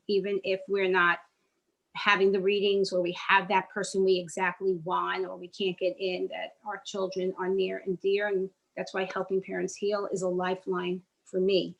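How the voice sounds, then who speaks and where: A woman from New York speaking as a guest, earnest and a little halting as she gives her thanks. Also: mid-range voice, creaky, a bit bright, low-quality recording. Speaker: guest, bereaved parent. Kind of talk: conversational thanks.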